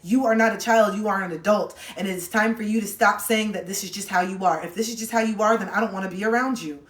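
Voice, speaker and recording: A woman's voice: mid-range voice, fast. Blunt, sarcastic woman on a phone livestream. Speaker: livestreamer giving advice. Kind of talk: casual livestream advice talk. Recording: roomy echo.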